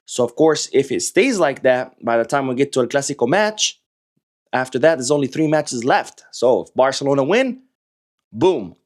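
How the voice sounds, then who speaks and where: A man hosting a football news live stream from away while he travels, lively and sarcastic in his asides. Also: mid-range voice.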